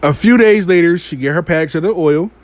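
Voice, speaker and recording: A man's voice: on the high side, fairly quick. A man telling a casual, profane story in loose street slang, often repeating phrases like "out of nowhere". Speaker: storytime vlogger.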